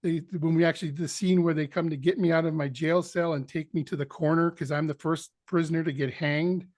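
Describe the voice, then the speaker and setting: Male actor guest, fairly high-pitched, dry close recording, animated storyteller. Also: fairly quick, no echo. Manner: animated anecdote teller, acts out quotes. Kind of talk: storytelling in an interview.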